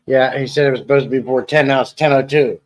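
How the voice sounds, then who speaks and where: A man chats loosely at home on a live stream, bouncing between jokes and replies to viewers and family. His voice sits at an ordinary middle pitch for a man. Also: steady tone, fast talker, poor audio. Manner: rambling and jokey, answering chat and people at home. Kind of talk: casual live-stream chat.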